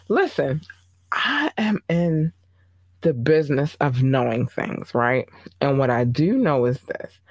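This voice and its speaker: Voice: medium pitch, dry recording, clean studio sound. A podcast host chatting casually through entertainment gossip, rambling with slang and fillers. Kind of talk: casual celebrity gossip commentary.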